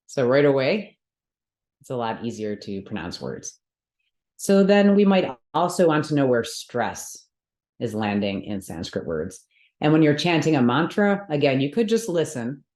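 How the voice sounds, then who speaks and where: A woman's voice: extremely low pitch, a little mellow. A woman teaching a Sanskrit mantra workshop, explaining rules step by step and often checking in with her students. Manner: patient step-by-step explaining, frequent check-ins with the class. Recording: roomy echoey room.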